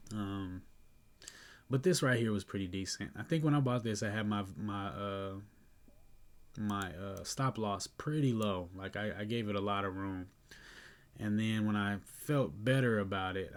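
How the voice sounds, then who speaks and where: A sleepy, yawning man casually talking through his day trades, relaxed and chatty, thinking aloud with fillers and soft laughs. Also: on the low side. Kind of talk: casual screen-recorded trade review.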